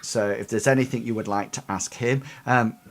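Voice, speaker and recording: A man's voice: medium pitch, fairly even intonation, normal speed. A man narrating as game master of a streamed tabletop game, rambling with many fillers and restarts.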